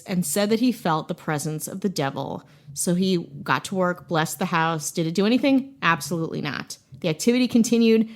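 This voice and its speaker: A woman from Wisconsin hosting a podcast, telling a story casually with jokey asides and laughter. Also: medium pitch. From Wisconsin, USA. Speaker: podcast host.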